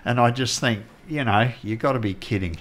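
A man's voice: medium pitch, fairly quick, a bit bright. Nasal, chatty man. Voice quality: nasal, blocked nose. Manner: rambling, chatty, lots of fillers. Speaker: radio co-host. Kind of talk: casual chat.

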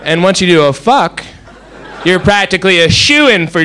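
A man's voice: high-pitched, expressive, moderate pace, pushed and bright. A male stand-up comedian doing a wry, profane routine full of rambling asides on a live stage. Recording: noisy live stage recording.

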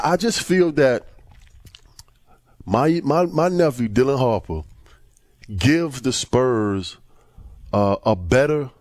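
A man co-hosting a sports talk show, incredulous, with stammering restarts and sharp rises when he stresses a point. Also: mid-range voice, no room sound, studio quality. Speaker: podcast co-host.

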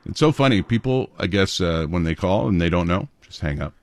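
A man's voice: low voice, expressive, brisk. A man hosting a radio morning show, chatting with callers in a jokey, casual way from a studio.

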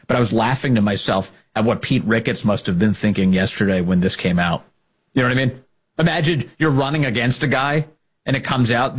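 A man hosting a political talk show, speaking in a sarcastic, opinionated way and often mocking his opponents. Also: breathy edge. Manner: sarcastic, mocks opponents in high put-on voices.

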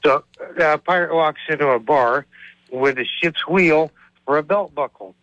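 A man's voice: fairly high pitch, normal speed, a bit bright, no echo. A man calling in to a radio show to tell a joke. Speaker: radio caller. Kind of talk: telling a joke on a call-in. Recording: muffled dry phone line.

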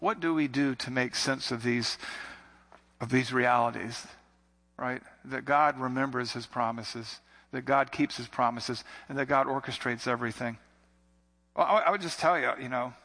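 Impassioned preacher in a reverberant hall. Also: male voice, on the high side, sharp tone. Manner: impassioned preaching with rising emphatic repetitions. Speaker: pastor. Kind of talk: sermon.

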